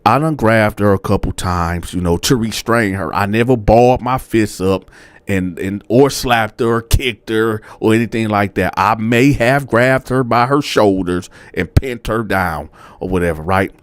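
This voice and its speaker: A man's voice: on the low side, a little slow, clear, resonant tone, dry recording. A man casually telling a story to his viewers in slangy, colloquial speech, addressing them as y'all. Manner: animated, addresses audience as y'all. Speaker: storyteller host.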